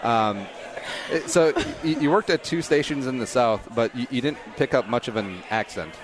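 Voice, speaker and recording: A middle-aged man hosting a podcast, chatting casually and cracking quick jokes. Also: medium pitch. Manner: joking, quick asides. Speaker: podcast host. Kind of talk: casual chat.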